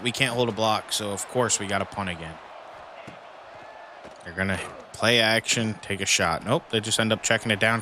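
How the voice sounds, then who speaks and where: Brief: male gaming commentator, bright forceful voice, lower-pitched, exasperated running play-by-play, faint background noise. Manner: frustrated, venting at his team with mild cussing. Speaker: gaming YouTuber playing a football dynasty mode. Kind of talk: casual gameplay commentary.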